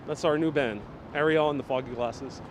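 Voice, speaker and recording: Loud traffic fills the background as a young man with a New York accent streams live from a city street, joking and reading viewer comments in a medium-pitched voice at a moderate pace. He's recorded on a wireless clip-on microphone.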